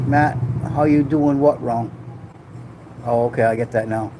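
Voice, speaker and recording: A man from Rhode Island hosts a casual livestream from a home room in the Philippines, rambling and joking as he reads chat comments aloud. His voice is medium-pitched and steady, and he speaks unhurriedly. Background noise can be heard.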